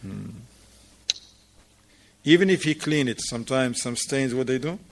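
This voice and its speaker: Slow, deliberate man teaching a mosque class. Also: mid-range voice, expressive. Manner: conversational, asks the students questions and repeats their answers. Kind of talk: informal religious class with students.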